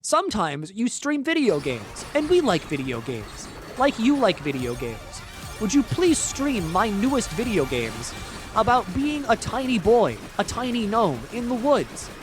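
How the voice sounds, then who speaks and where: A man's voice: high voice, huge pitch swings, over music, pitched above the performer's own voice, heavily acted. A man doing a stilted spam emailer. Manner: stilted, slow, overly formal broken English. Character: clumsy male spam emailer pitching a game.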